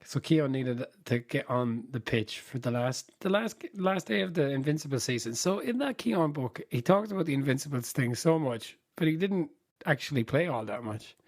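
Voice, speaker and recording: A man's voice: medium pitch, lively intonation, moderate pace. A man co-hosting a casual podcast, retelling anecdotes from a book with frequent laughs. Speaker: podcast co-host. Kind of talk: casual chat.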